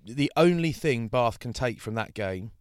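A man co-hosting a casual chat, telling anecdotes in an animated way and mimicking other people. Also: medium pitch, a little slow, smooth, no room sound, clean studio sound. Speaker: podcast co-host.

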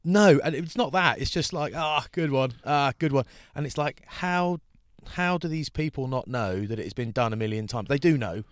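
A man co-hosting a casual chat, telling anecdotes in an animated way and mimicking other people. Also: mid-range voice, normal speed, hardly any pauses, no room sound, clean studio sound. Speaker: podcast co-host.

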